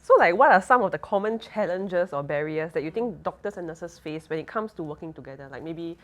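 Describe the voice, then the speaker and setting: A woman's voice: fairly low pitch, animated, fast, fairly bright tone. A woman, a nurse co-host asking a guest questions in a casual chat.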